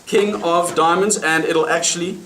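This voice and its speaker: A man's voice: a little high, steady tone, normal speed, roomy sound, a crowd in the background. A man from South Africa with a South African accent, performing card magic in a restaurant and chatting to his audience with frequent laughs. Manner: chatty, laughing between lines, asks audience questions. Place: restaurant, indoors.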